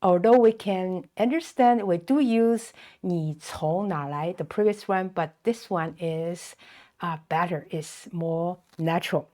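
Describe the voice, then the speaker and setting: A middle-aged woman from China with a Chinese accent, teaching a beginner language lesson and patiently repeating phrases slowly for learners. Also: lowish voice, darkish tone. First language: Mandarin Chinese.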